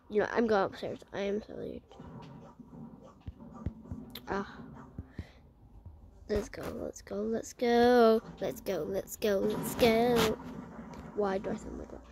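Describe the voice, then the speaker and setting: A woman streams a game and chats with her viewers, excitable and talking to herself, often slipping into a whisper. Her voice is a little high and gravelly, and her speech is slow and drawn out. The recording has noticeable noise and clicking behind it. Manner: chatty, excitable, talks to herself while playing, often drops to a hushed whisper. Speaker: gaming vlogger. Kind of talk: playing a game while narrating to viewers.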